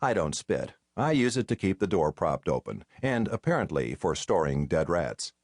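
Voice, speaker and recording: A man narrating a mystery audiobook in the first person, with a wry, deadpan way of telling the story, on a close studio mic. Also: deep voice, normal speed, no echo.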